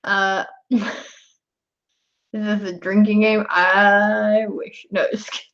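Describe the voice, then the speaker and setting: A woman's voice: mid-range voice, flat delivery, slow pace, a bit bright. A young woman chatting casually with her viewers on a live stream, laughing often. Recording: dull lo-fi stream audio.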